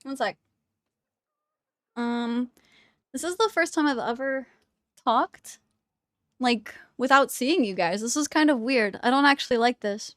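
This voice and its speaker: A woman's voice: sits high, measured pace, pauses often, a bit bright, dry recording, clean studio sound. A woman streaming live from home on a wireless mic, chatting casually and giggling as she coos baby talk to her cat.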